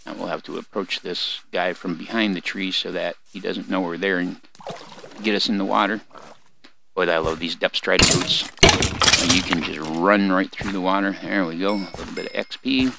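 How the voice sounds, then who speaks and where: A man's voice: deep voice, steady tone, moderate pace, gravelly. An older man hosting a let's play, giving rambling, folksy gameplay commentary and chatting to his in-game animals. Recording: noisy home recording with mouse clicks.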